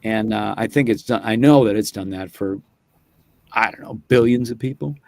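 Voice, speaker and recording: A man's voice: lowish voice, moderate pace, gravelly, darkish tone, no echo. Man, reflective guest interview, dry sound, restarts phrases. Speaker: guest voice actor. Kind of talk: casual chat.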